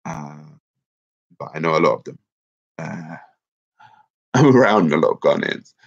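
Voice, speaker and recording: This livestream host has a bass voice that's a little slow, creaky and husky, and he sounds congested from a cold. He reads out viewer comments in a lively, chatty way over dull lo-fi stream audio.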